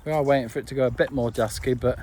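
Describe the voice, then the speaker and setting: Filming his back-garden camp outdoors on a phone camera, a man chats cheerfully and jokily as a camping vlogger. His medium-pitched, darkish voice stays fairly even in intonation but races along, enthusiastic throughout. There's a little hiss or hum in the audio.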